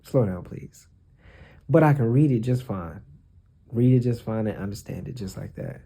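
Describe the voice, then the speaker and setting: A man's voice: mid-range voice, normal speed, vocal fry, breathy edge. A man, a flight attendant, chatting casually and rambling through a vlog with plenty of fillers. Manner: relaxed, rambling, thinking aloud with fillers.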